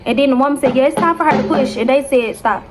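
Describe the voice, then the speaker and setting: Animated young woman telling a storytime. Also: high-pitched, quick pace, music in the background. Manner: animated, dramatic retelling with constant "y'all". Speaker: vlogger. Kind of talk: casual storytime to viewers.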